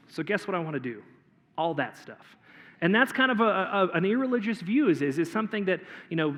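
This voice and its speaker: A male pastor preaching a sermon in a conversational way, often clearing his throat and repeating words. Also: sits high, a bit bright. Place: church auditorium. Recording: long hall reverb.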